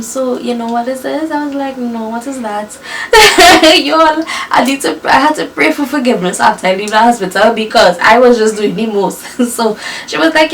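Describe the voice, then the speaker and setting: A young woman telling her birth story to viewers in a lively, chatty way, often calling them y'all and laughing. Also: on the high side, distant mic, a little hiss or hum.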